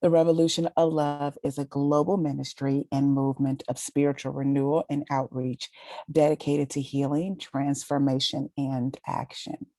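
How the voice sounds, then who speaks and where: A woman's voice: very deep voice, little pitch movement, normal speed, warm tone, dry recording. A woman from Vallejo, California, reading a vision statement aloud over a video call.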